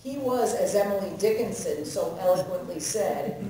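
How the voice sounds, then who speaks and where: A woman's voice: medium pitch, expressive, normal speed. A woman doing a stand-up comedy set, with a brash, punchy delivery, acting out her comebacks in a raised voice. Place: comedy club stage. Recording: distant, echoey live club recording with loud crowd and noise. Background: audience laughter.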